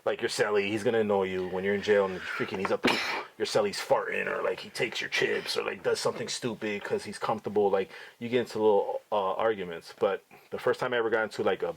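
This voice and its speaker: A middle-aged man tells stories in a blunt, outspoken way, swearing freely as he goes. He talks quickly, and his voice sits somewhat low with a husky edge. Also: fairly even intonation. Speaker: podcast host, father. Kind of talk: casual storytelling to his son.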